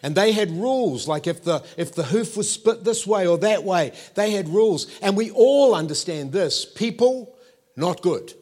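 A man, preaching a sermon with animated storytelling and playful asides to the congregation. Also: high voice, normal speed. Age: 50s.

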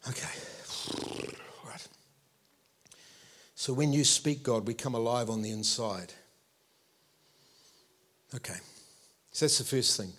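Speaking slowly with frequent pauses, a fifty-something New Zealander delivers a sermon at a medium pitch. He's animated and conversational, regularly checking in with those listening.

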